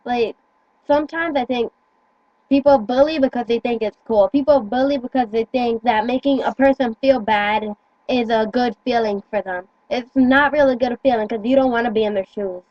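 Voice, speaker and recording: Teen girl rambling into her phone, kinda high voice, dull dry sound. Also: normal speed, no room sound. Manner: rambling, many "like"s, stumbles over words. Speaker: teen vlogger. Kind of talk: earnest casual chat.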